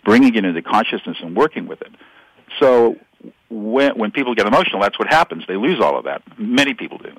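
Low-voiced man explaining with animation. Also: husky, no echo, low-quality recording. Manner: animated, explanatory, acts out example dialogue. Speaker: guest expert. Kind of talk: conversational interview.

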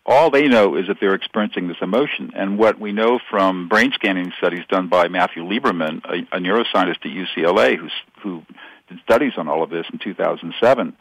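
A man with a lowish voice talks through his ideas in a relaxed interview. He explains with animation, often acting out little example exchanges. The sound is dry and close, with no room around it. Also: no room sound, low-quality recording. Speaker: guest expert. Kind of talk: conversational interview.

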